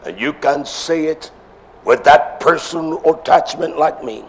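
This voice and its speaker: A male preacher delivering an emphatic sermon, swinging between shouts and low murmurs and repeating phrases for emphasis. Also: measured pace, slight background noise.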